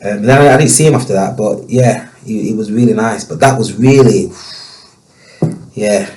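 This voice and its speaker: Halting emotional man. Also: fairly low pitch, darkish tone, poor audio. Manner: emotional, halting, many restarts. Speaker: guest. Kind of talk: personal storytelling.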